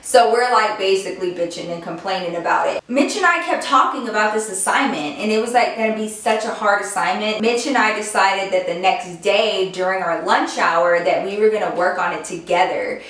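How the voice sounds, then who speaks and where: A woman's voice: mid-range voice, brisk, few pauses, a bit bright. A young woman telling a story to her vlog viewers in a casual, chatty way, full of filler words and offhand swearing, in her home office. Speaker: vlogger. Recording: very echoey room, voice far from mic.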